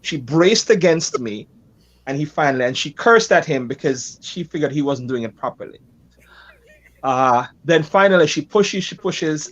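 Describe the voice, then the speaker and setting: A pastor telling a lively, self-deprecating story about his life as a guest in a conversation. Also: a little high, lo-fi sound.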